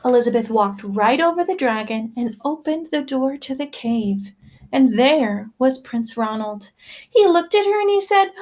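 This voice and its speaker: Expressive woman reading to children. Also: sits high, moderate pace. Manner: expressive, asks listeners questions. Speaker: school staff reading to students. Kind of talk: children's read-aloud storytime.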